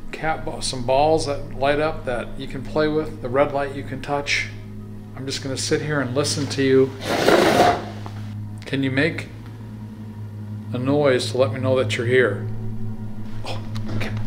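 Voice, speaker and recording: A man investigating a haunted hospital at night, talking in a hushed voice, often whispering, and calling out to spirits in a cold dark basement. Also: mid-range voice. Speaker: paranormal investigator. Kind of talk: ghost hunting vlog commentary.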